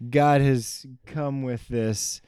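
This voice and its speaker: A man's voice: mid-range voice, fairly even intonation, drawn-out words, darkish tone, clean tone, dry recording, studio quality. A man co-hosting a podcast, mostly giving short replies, then musing thoughtfully on scripture. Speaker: podcast co-host. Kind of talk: casual Bible study chat.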